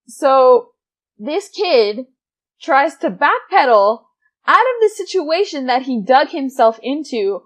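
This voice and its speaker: A young woman in her twenties with a slightly high voice tells a gaming story in a loose, animated way. She swears casually and often breaks into laughter as she goes. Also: takes it slowly. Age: 20s. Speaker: gaming vlogger.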